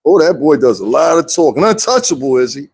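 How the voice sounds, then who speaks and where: A man's voice: on the high side, fairly quick, creaky, slightly rough, no room sound. A man commenting casually on a live stream, talking straight to his viewers and laughing often. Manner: animated, talks straight to viewers, frequent laughs.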